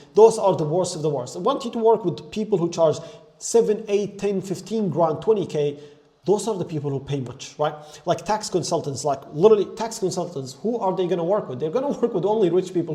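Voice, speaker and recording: A young male business coach talks straight to his viewers in an emphatic, driving way. His voice sits a little high but has a mellow, soft edge. He keeps leaning on "like" and checking in with "right?". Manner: energetic and emphatic, peppered with "like" and "right?". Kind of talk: motivational business talk to camera.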